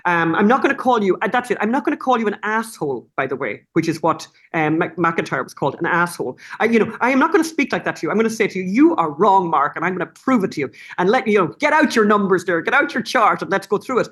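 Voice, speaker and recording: A middle-aged woman talking as a guest in a casual interview, animated and rambling, with many restarts and self-corrections. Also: medium pitch, quick pace, few pauses, breathy edge.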